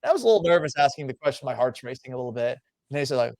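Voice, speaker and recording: A man who hosts sports radio, telling stories in a casual interview with a self-deprecating, profane, animated manner. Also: medium pitch, racing, no room sound. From Massachusetts. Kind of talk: casual storytelling in a podcast interview.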